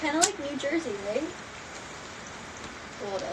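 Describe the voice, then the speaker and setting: A woman's voice: high voice, lively intonation, moderate pace, crowd noise, poor audio. A young woman from the Los Angeles area, teasing and chatting playfully. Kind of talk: casual chat.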